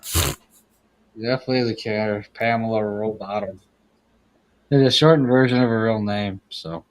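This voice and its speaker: A man's voice: lowish voice, fairly even intonation, moderate pace, low-quality recording. A man co-hosting a live internet radio stream, laid-back, with dry remarks. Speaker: co-host. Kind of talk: casual live-stream chat.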